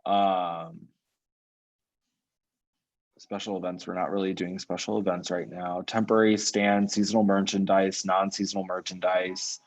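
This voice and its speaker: Man, meeting chair on a video call. Low voice, dull lo-fi sound. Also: a little slow. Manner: relaxed, conversational, directs speakers by name. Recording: muffled lo-fi call audio.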